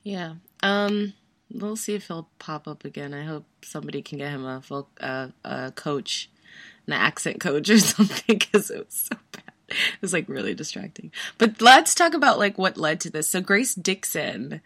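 A woman with a low but bright, forward voice, chatting casually and recapping with quick asides. The sound is dry and close, with no room to it. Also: lively intonation, dry recording. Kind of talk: casual chat.

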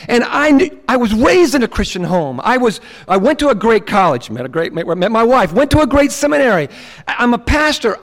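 A man who is a pastor, preaching a sermon in a casual, animated way and acting out quotes. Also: very high-pitched, a little fast. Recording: long hall reverb.

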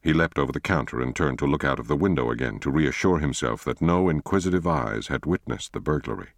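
A man reading a thriller novel aloud as an audiobook narrator, in a measured, steady way. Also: rumbling low, dry recording, clean studio sound. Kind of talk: scripted narration.

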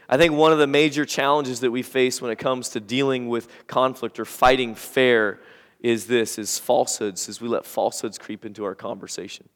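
A man's voice: medium pitch, fairly even intonation, normal speed, fairly bright tone. A male pastor preaching a sermon, talking casually and acting out the quotes in an argument. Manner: conversational preaching with acted-out quotes. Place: church sanctuary. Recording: church hall with long reverb.

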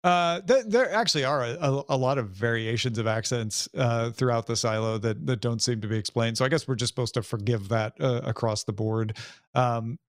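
A man hosting a casual talk show, leading the discussion with quick asides and questions to his co-hosts. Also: medium pitch, dry recording, studio quality. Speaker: podcast host. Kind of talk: casual chat.

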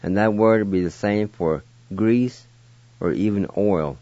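Male radio language teacher, slow and patient, low voice, dry dull lo-fi sound. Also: dark tone, no echo. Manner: patient, encouraging, spells letter by letter. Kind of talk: slow spelled-out word lesson.

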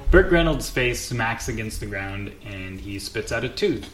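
A man's voice: fairly low pitch, lively intonation, measured pace, over music. A man narrating as game master in a casual, loose way with plenty of fillers. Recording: echoey room with faint noise.

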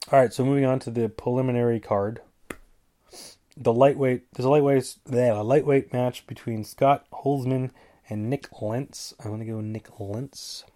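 A man with a dark-toned, mid-range voice and a stuffy nose hosts a casual solo podcast, rambling through his fight picks. He drops jokey asides and stumbles over names.

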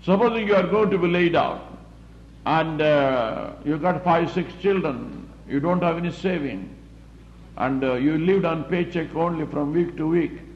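Man preaching a sermon, echoey room. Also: fairly high pitch. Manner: plain-spoken, repetitive, halting with fillers. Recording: roomy, muffled recording with faint background hum.

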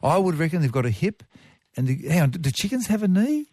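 A man's voice: fairly high pitch, very animated, quick pace, darkish tone, slight background noise. A man answering listeners' science questions on call-in radio, rambling and correcting himself as he explains. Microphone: studio microphone.

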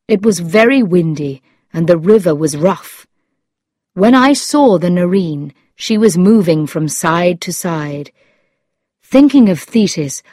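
A woman reading a story aloud in a calm, measured, plain narration style. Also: on the low side, dry recording, clean studio sound. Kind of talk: slow, clear audiobook narration.

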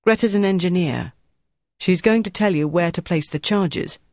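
An audiobook reader voicing a brisk young woman leading a team, speaking firmly. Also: medium pitch, darkish tone, dry recording, clean studio sound, lightly acted. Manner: brisk, firm.

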